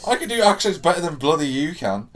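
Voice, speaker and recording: A man's voice: fairly high pitch, big pitch swings, fast, a crowd in the background. A young man from the UK hosting a podcast in casual, jokey banter. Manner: jokey, laughing, swearing banter. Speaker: podcast host. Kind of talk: casual chat.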